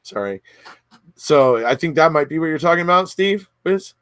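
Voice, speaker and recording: A man's voice: fairly high pitch, animated, normal speed, fairly bright tone, no echo. A man hosting a casual livestream, reading viewer comments aloud and answering them in a chatty way. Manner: chatty, reads comments aloud and answers, frequent restarts and fillers.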